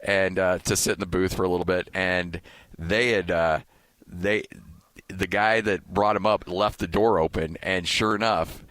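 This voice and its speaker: Animated storytelling man, low voice. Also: a little slow, no echo. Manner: animated storyteller, acts out quotes with a raised voice. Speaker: sports radio broadcaster and podcast host. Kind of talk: casual podcast chat, telling a story.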